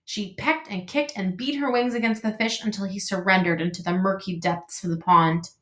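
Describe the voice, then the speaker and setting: In an echoey room, a female teacher with a mid-range voice reads a children's book aloud, expressive and measured.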